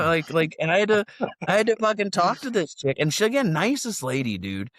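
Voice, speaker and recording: Profane, rambling male podcast co-host in his forties, lively pitch, dry close sound. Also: fairly quick, no echo. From United States. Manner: profane, rambling, animated storytelling. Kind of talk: casual storytelling chat.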